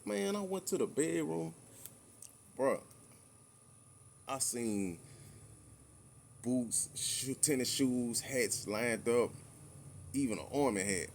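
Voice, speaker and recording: A man's voice: mid-range voice, lively intonation, slow pace, gravelly, long pauses, slight background noise. A man co-hosting a podcast, talking in a laid-back, drawling way full of fillers. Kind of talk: casual podcast chat.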